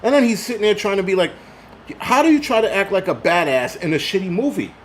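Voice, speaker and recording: Middle aged guy ranting and cussing on his stream, kinda buzzed, voice sits a bit high, faint hiss behind him. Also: expressive, quick pace. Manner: profane, ranting, reads chat aloud. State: tipsy from liquor. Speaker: live stream host. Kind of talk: casual live stream rant.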